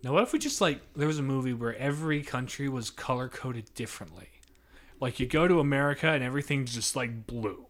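A young man chats easily as a podcast co-host, tossing out quick quips. His voice is bright and a little sharp, sitting in a middle pitch. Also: expressive. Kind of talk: casual chat.

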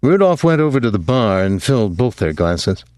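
A man narrating an audiobook in a measured, even storytelling voice. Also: on the low side, no echo, studio quality. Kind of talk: scripted narration.

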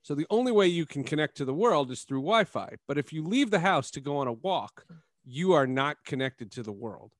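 Animated man hosting a sports podcast. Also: fairly high pitch, a little fast, no echo, studio quality. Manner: animated storyteller, laughs often. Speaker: podcast host. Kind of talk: casual sports podcast chat.

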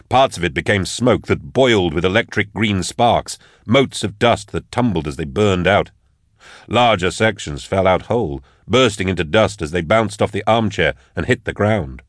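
A man narrating a dark fantasy story with measured, dramatic delivery. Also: sits low, no echo, studio quality. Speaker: audiobook narrator. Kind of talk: scripted narration.

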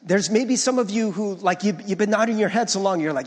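High-voiced pastor in an echoing hall. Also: male voice, expressive, normal speed, breathy edge. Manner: conversational, often checks in with "right?"; restarts and stumbles over words. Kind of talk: sermon.

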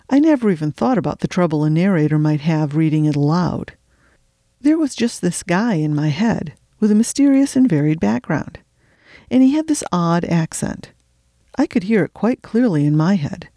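A woman's voice: fairly low pitch, warm tone, dry recording, clean studio sound. A woman hosting a fiction podcast, chatting wryly before reading her own mystery story aloud from her attic. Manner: wry, chatty and self-deprecating. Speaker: podcast host and fiction reader. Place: home attic.

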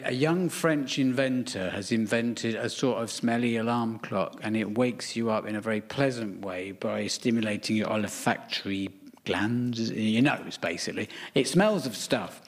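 A man on a comedy quiz panel, telling whimsical, theatrical comic stories. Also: mid-range voice. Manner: whimsical, theatrical flights of fancy. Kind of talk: comic storytelling banter.

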